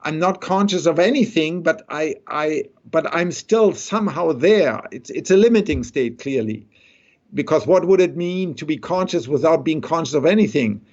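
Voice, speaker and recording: A man's voice: a little high, lively intonation, normal speed, darkish tone. A man, a neuroscientist guest thinking aloud in a conversational interview. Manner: thoughtful, explains with many rhetorical "right?". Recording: dull lo-fi sound.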